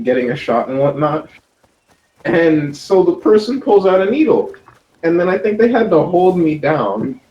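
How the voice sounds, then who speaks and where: Dude telling a kid story, kinda stop start, sounds far off and muffled. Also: male voice, mid-range voice, warm tone. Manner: rambling, halting. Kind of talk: casual chat. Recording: distant dull echoey mic.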